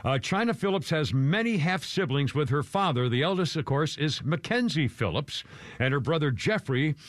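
A man's voice: on the high side, lively intonation, normal speed, no echo. A man hosting a radio show, talking casually in a rambling, chuckling way with many restarts.

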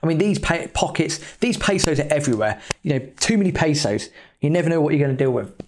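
A man's voice: a little high, lively intonation, fast talker, slight background noise. A man, a podcast host telling a travel story in a casual, chatty way with the odd swear word. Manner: chatty, loose, with mild swearing.

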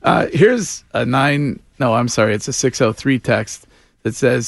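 Gravelly guy rambling on a radio show, dry studio mic. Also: mid-range voice, unhurried, dry recording. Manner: rambling, restarts and laughs. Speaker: radio talk show host. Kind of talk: casual radio banter.

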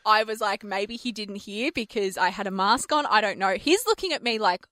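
Bright-voiced woman co-host. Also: mid-range voice, moderate pace, no room sound. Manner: animated storyteller, laughs often. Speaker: radio co-host. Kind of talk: casual on-air banter.

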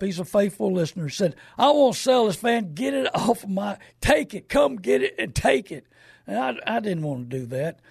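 A man's voice: sits high, a little mellow, husky, no echo, clean studio sound. An older man hosting a call-in car radio show in a folksy, rambling salesman's way. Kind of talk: casual call-in radio talk with plugs.

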